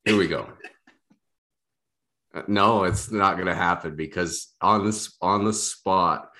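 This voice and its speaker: A man's voice: low-pitched, takes it slowly, bright, forceful tone. A young man co-hosting a podcast, talking in a casual, rambling, self-deprecating way with lots of restarts. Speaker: podcast co-host. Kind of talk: casual chat.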